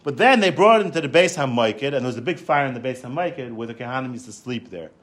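A man giving a Torah lecture, telling stories in an animated way, often repeating words and restarting. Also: medium pitch, quick pace. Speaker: Torah class teacher.

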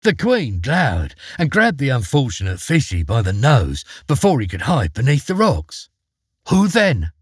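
A man narrating a folk tale in a playful, expressive storytelling manner. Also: medium pitch, normal speed, few pauses, slightly rough, dry recording, studio quality.

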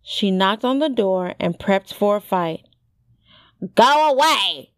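Woman reading a storybook nice and slow, dry close sound. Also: medium pitch, clean tone, dry recording. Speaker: audiobook narrator. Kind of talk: storybook narration.

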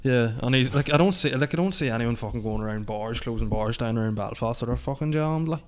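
A young man with a Northern Irish accent, ranting with indignation and swearing in casual podcast chat. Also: medium pitch. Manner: quick, swearing, indignant rants. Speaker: podcast co-host.

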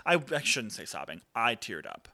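Lively man chatting as a podcast guest. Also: on the low side, normal speed, vocal fry, dry recording. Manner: expressive, jokey and exaggerating. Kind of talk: casual chat about a film.

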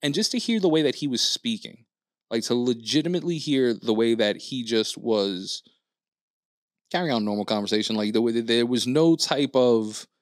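A man telling a long story on a podcast, with plenty of swearing and fillers. He acts out the other people in the story as he goes. His voice sits at a middle pitch and the sound is dry and close. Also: moderate pace, dry recording. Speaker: podcast co-host. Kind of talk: casual storytelling chat.

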